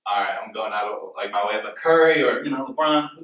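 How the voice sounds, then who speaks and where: A man's voice: on the low side, a bit bright, highs cut off. A young man telling a rambling story in a casual group discussion, filling his talk with "like". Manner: fast, rambling storytelling with many "like"s. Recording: echoey room, mic at a distance.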